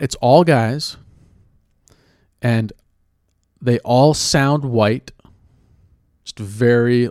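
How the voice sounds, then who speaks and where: A man hosting a podcast, talking through his thoughts in a reflective, measured way and often rephrasing himself. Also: medium pitch, darkish tone, no echo, studio quality. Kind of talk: casual spoken commentary.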